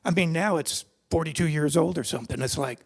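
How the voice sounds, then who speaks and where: This older man has a slightly high voice with vocal fry and talks fairly quickly. Speaking at a seminar in a seminar hall, he tells personal racing stories, meandering and conversational, with many restarts.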